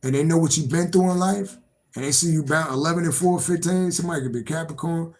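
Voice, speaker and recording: A man's voice: fairly high pitch, fast, a little mellow, low-quality recording. Rambling man reading tarot live. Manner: rambling and repetitive, swears freely, laughs to himself. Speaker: tarot reader.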